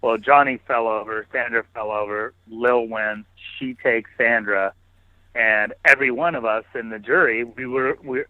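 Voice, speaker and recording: A man, a podcast guest, telling stories in casual, animated interview talk. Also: mid-range voice, moderate pace, no echo. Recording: phone-like narrow line, dry.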